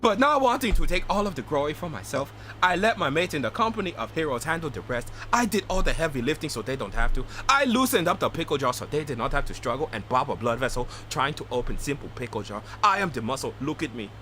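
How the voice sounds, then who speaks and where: A man voicing a crude, boastful but cowardly male adventurer, loud and cocky in broken English, in a comedic reading of game dialogue. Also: on the high side, big pitch swings, fast talker, few pauses, a little hiss or hum, voice pushed down.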